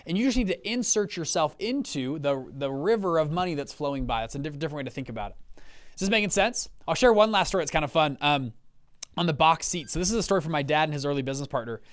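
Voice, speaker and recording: This is a young man talking to his viewers over a video call, his voice sitting a bit higher than most men's. He tells stories in an animated, casual way, restarting sentences and checking in with questions. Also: quick pace. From Utah. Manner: animated, storytelling with many restarts and check-ins. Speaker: fund manager and webinar host. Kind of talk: casual live webinar talk.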